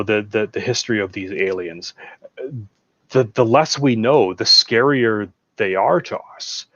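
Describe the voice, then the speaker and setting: A man with a lowish voice joins a casual film chat and talks with animation, acting out bits of movie dialogue. He comes through a dull, lo-fi mic. The sound is dry. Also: dry recording. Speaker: guest. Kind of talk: casual chat about films.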